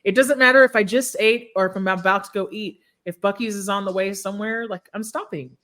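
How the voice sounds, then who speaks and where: A woman's voice: medium pitch, fairly even intonation, fairly bright tone. A woman hosting a podcast in casual chat, sleepy, jokey and often laughing. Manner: laughing, jokey, drawn-out yawny delivery. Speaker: podcast host.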